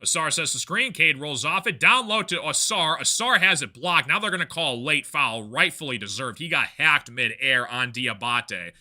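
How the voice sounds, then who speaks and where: A man calls a basketball game live for his stream, rattling off plays in quick bursts and breaking into easygoing chat with viewers. His voice sits a little high and sounds bright and ringing. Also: animated. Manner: rapid game calls mixed with casual chatty asides. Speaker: play-by-play streamer. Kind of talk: live play-by-play reaction commentary.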